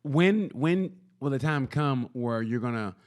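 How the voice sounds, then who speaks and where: On a laid-back comedy podcast, a male co-host with a medium-pitched voice tells profane stories at a measured pace. He keeps restarting and animates his tales by acting out the quotes.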